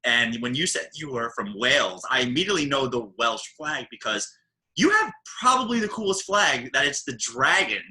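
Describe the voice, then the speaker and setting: A man with a New York accent hosting a podcast in casual, animated, joking chat. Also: mid-range voice, moderate pace, rough recording. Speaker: podcast host.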